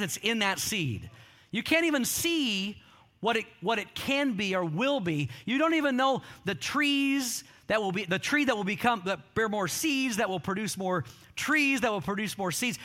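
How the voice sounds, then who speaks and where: A man's voice: high-pitched, sharp tone. A middle-aged man preaching a sermon, telling stories with quoted voices and calling on the congregation to respond. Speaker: pastor.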